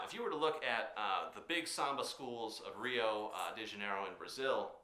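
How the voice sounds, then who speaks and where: A man teaching percussion technique, explaining patiently with frequent filler pauses while demonstrating drums. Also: lowish voice, pushed and bright. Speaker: percussion instructor. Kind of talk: instructional demonstration. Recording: echoey room with drum sounds.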